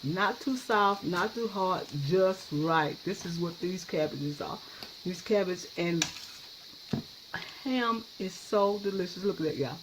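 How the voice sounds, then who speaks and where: A woman's voice: medium pitch, lively intonation, unhurried. A woman hosting a cooking channel, talking casually and enthusiastically as she shows and tastes her dish. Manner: chatty and enthusiastic, tastes food on camera. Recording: noisy kitchen with clattering dishes.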